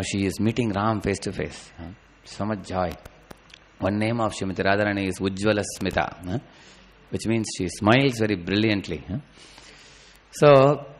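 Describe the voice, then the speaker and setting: A middle-aged man telling a devotional story in an animated way, often adding a questioning "huh?". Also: on the low side.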